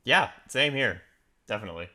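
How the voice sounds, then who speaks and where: A man co-hosting a commentary podcast in a bright, forward voice at an average pitch. He is easygoing and agreeable, chiming in to back up his partner and reading articles aloud for the listeners. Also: animated, a little fast. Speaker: podcast co-host.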